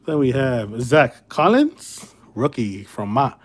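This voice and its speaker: Man, slow unhurried talk, casual livestream card break host, laid-back and chummy. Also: medium pitch, very animated. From Chicago area. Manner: laid-back, calls viewers brother and man.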